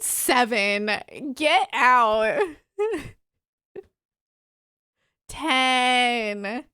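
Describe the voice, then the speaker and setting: A woman's voice: high-pitched, very animated, extremely slow, long pauses, clear, resonant tone, no echo, clean studio sound. A woman streamer chatting with her live chat, playfully mock-offended and laughing often. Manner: soft baby talk to her dog.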